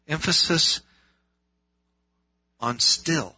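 A man's voice: mid-range voice, slow pace, long pauses, pushed and bright. A man preaching a sermon in an earnest way, asking rhetorical questions and repeating phrases for emphasis. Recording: dull lo-fi sound.

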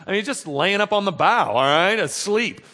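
A pastor preaching a conversational sermon, acting out the dialogue of the scripture stories with frequent restarts. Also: male voice, high voice, expressive, moderate pace, bright, forceful tone, long reverb tail. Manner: conversational, acts out dialogue, repeats words.

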